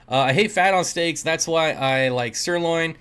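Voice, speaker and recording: A man's voice: fairly high pitch, a bit bright, clear, resonant tone. A man hosting a casual livestream, reading chat comments aloud and joking with viewers, often laughing. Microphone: desk mic.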